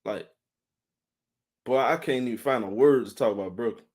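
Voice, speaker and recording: Tired live-stream sports host, rambling. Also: male voice, medium pitch, moderate pace, darkish tone. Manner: rambling, repeats himself, greets chat viewers by name.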